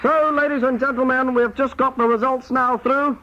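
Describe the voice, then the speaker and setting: High, bright Northern Irish quizmaster. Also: male voice, fairly even intonation. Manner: brisk, formal quiz-host delivery. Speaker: comic quizmaster. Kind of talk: comic sketch on tape. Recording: dull old cassette tape with hiss.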